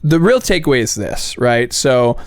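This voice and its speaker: A man co-hosting a fight podcast, telling animated stories, acting out quotes and swearing freely. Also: medium pitch, moderate pace, gravelly, dry recording. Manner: animated storyteller, acts out quotes, swears a lot. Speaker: podcast co-host. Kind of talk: casual chat.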